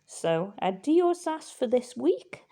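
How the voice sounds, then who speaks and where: A woman teaching a recorded language lesson, patient and reassuring, with frequent fillers and pauses. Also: high voice, sing-song, warm tone.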